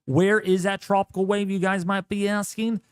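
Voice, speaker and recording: A man hosting a live weather stream, giving animated, jokey commentary full of exclamations. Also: high-pitched, normal speed, clear, resonant tone, no room sound, studio quality.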